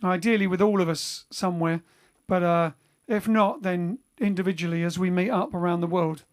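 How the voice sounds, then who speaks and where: A man's voice: high-pitched, fairly even intonation, normal speed. A man hosting a lockdown livestream for his band, chatting casually and reading out viewer comments, rambling with lots of fillers and restarts. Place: home during lockdown.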